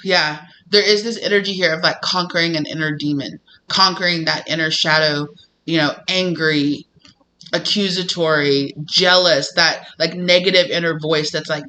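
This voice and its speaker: Bright, animated male tarot reader. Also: fairly high pitch, normal speed. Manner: animated and emphatic, often laughing. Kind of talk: casual tarot reading to camera.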